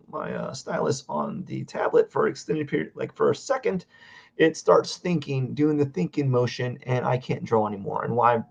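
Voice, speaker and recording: A man casually talking through a drawing livestream, rambling and halting as he searches for words. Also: medium pitch, gravelly, lo-fi sound. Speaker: artist streaming a drawing session.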